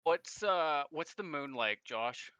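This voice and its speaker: Hesitant man with a bright smooth voice. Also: fairly high pitch, animated, slow, dry recording. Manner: hesitant, many ums and restarts, swears. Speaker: player. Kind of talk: casual tabletop chat.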